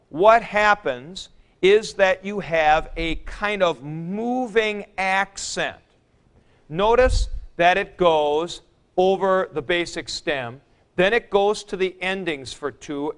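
A man's voice: sits high, fairly bright tone, clean tone. A middle-aged man teaching a Greek grammar class, explaining patiently in a classroom. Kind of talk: classroom lecture.

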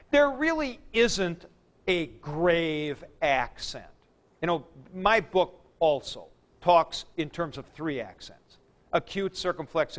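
A man teaching a class, explaining slowly with fillers and "okay?" checks to the students. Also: a little high, fairly bright tone. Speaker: Greek teacher. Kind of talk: classroom lecture.

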